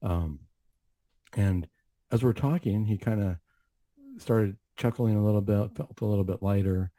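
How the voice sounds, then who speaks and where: Speaking in a lowish, mellow voice at an unhurried pace, a male mental health counselor reflects earnestly on his faith during a talk show appearance, with many asides along the way. The recording is dry.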